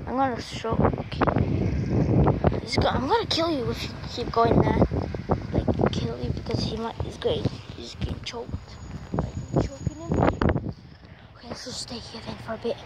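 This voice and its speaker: Young woman, high voice, exasperated dog walker, handheld outdoor vlog with heavy background noise. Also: a little slow. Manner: exasperated, pleading with her dog. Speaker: vlogger. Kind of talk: casual vlog while walking a dog. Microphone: handheld camera. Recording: loud outdoor noise on camera mic.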